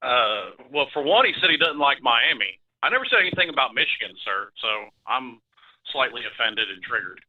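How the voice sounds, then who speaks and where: Regular co-host, man, wry deadpan quips, dull lo-fi line. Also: medium pitch, a little fast. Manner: dry, joking asides. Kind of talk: live call-in sports talk.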